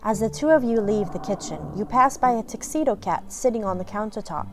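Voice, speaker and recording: A woman casually narrating her playthrough of a story game, reading passages aloud and adding offhand comments. Her voice sits in a middle pitch and stays easygoing. Quiet music plays behind her. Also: a little fast. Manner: relaxed, chatty, reads choices aloud. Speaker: game streamer.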